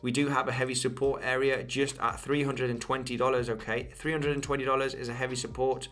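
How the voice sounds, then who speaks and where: With a flat, quick delivery in a mid-range, slightly bright voice, a young Spanish crypto livestream host walks through charts and replies to chat. His English accent was picked up from his mother, who's from the Isle of Man. He's repetitive, restarts frequently, leans on fillers, and addresses viewers as "guys."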